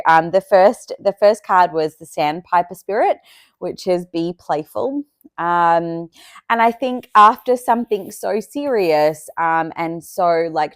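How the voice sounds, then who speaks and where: A woman's voice: lowish voice, dry recording, clean studio sound. A woman chatting casually to camera about her oracle card reading, with lots of hesitant fillers and restarts. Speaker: spiritual vlogger reading oracle cards.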